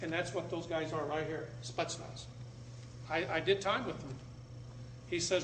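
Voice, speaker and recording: An American man lecturing a live audience in a blunt, dramatic way, with sudden loud bursts. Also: fairly high pitch, steady tone, normal speed. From United States. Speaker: public speaker. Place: meeting room with an audience. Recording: echoey room, faint background noise.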